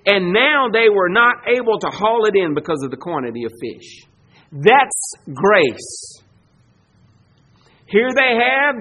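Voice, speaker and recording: A man preaching a sermon, swinging between loud emphatic bursts and low, slow passages. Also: low-quality recording. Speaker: pastor.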